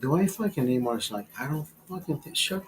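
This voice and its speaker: A man's voice: on the high side, animated, fairly quick, soft background music. A man hosting a livestream in casual, crude chat, profane and rambling, often laughing. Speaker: livestream host.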